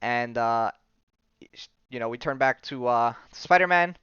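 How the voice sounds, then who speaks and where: A man hosting a podcast, casually recapping a comic book story with plenty of fillers and quick acted-out character lines. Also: mid-range voice, a bit bright, clear, resonant tone, no echo, dull audio. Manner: rambling storytelling with many fillers, briefly acting out characters' lines. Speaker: podcast host.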